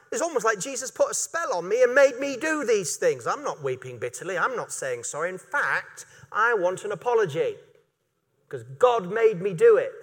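High-voiced preacher guy, animated, keeps repeating stuff for emphasis. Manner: animated, acts out voices of biblical figures; repetitive, emphatic. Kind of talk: sermon.

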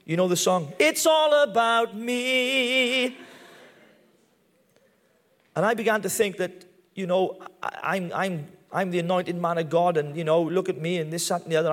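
A Welsh man in his thirties preaches a testimony sermon, talking in a chatty, self-deprecating way and slipping in light humour. His voice sits a little high for a man. The sound rings with the long reverb of a big church hall. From Wales.

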